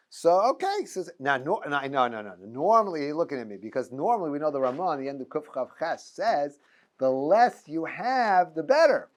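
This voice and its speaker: Animated middle-aged rabbi, chuckling storyteller. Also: male voice, fairly high pitch, moderate pace. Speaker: rabbi teaching a class. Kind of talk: informal lecture with anecdotes.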